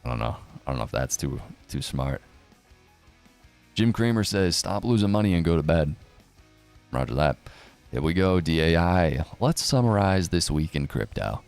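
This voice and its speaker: A man's voice: extremely low pitch, big pitch swings, normal speed, gravelly, darkish tone, clear, resonant tone, soft background music. A man giving casual, profane, sarcastic commentary, often mocking others by putting on voices. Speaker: crypto news commentator.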